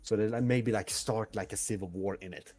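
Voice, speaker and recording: A man's voice: lowish voice, fairly quick, a little mellow, faint music behind. A man, co-hosting a casual podcast and loosely brainstorming a story idea. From Sweden. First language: Swedish. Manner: rambling, loose and full of fillers. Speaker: podcast co-host.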